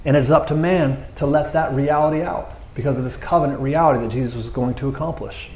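A man delivers a conversational sermon, reading verses aloud and then reacting with animated, joking asides. His voice sits at a middle pitch. The sound carries a noticeable room echo. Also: fast talker. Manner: animated, jokey asides, quotes scripture. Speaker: preacher.

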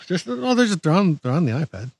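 A man co-hosting a podcast in a relaxed, rambling chat. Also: high voice, fairly quick, gravelly, breathy edge, no room sound. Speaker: podcast co-host. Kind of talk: casual chat.

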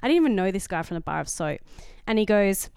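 An Australian woman co-hosting a casual podcast, telling a story with energy and acting out what other people said. Her voice is smooth and resonant, and the sound is dry and close. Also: mid-range voice, quick pace, no room sound. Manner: animated storyteller who acts out quoted dialogue. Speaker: podcast co-host. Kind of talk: casual chat.

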